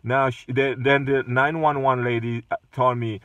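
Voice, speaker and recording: A man's voice: mid-range voice, little pitch movement, moderate pace, a bit bright, no room sound, recorded from a distance. A man who drives for a rideshare service, casually retelling an incident with lots of fillers and restarts. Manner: hesitant, many fillers and restarts.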